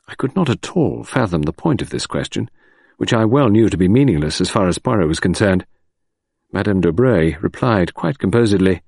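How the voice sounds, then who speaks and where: A man reading an audiobook narration in a measured, expressive way. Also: sits low, gravelly, no room sound, studio quality.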